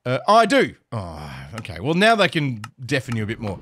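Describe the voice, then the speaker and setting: Excitable man. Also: mid-range voice, fairly quick, slightly rough. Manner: excitable, talks to himself, yelps and laughs. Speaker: Minecraft streamer. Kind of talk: live gameplay commentary.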